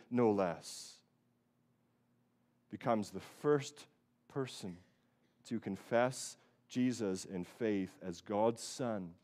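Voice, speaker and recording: A man, a pastor, preaching an earnest sermon, repeating key phrases for emphasis and swinging from quiet, low passages to loud, high bursts. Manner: earnest preaching that rises loud and high on quoted voices, then drops low.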